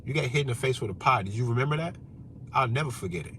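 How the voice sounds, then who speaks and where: A man's voice: mid-range voice, animated, very fast, sharp tone. A man delivering a brash, profane, combative rant as a vlogger, with faint vehicle noise behind him. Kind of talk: profane ranting monologue.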